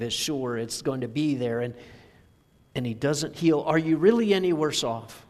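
Male preacher, slow deliberate sermon delivery, church reverb. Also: mid-range voice, darkish tone. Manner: slow, measured storytelling with scripture reading. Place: church sanctuary.

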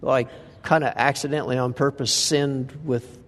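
A man's voice: medium pitch, steady tone, moderate pace, fairly bright tone. A man preaching a conversational sermon in a church, reading scripture and asking the listeners frequent rhetorical questions. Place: church sanctuary. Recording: reverberant hall sound.

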